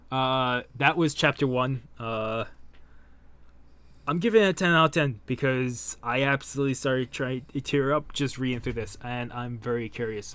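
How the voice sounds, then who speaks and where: A man gives casual reaction commentary at an ordinary mid-range pitch. He rambles in a relaxed way and corrects himself mid-sentence. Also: no echo. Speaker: manga reaction video host.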